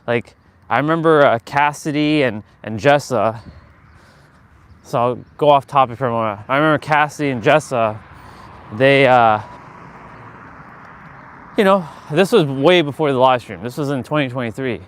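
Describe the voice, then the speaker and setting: A man's voice: mid-range voice, normal speed, long pauses. A man hosting a casual motivational livestream outdoors, talking earnestly in a rambling way with many fillers and restarts. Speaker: live-stream host.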